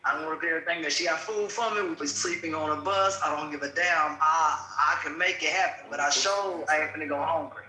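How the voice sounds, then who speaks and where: A man hosting a casual show, telling a story in an animated, laughing, colloquial way. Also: a little high, brisk, few pauses. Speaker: host. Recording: echoey room.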